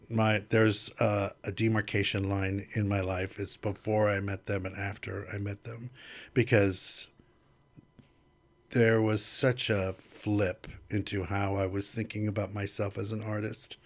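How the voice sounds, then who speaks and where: A man with a fairly low voice tells stories as a podcast guest. He is animated and quotes other people in little acted bursts. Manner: animated storyteller who acts out quoted exchanges. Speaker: guest artist. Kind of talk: casual storytelling interview.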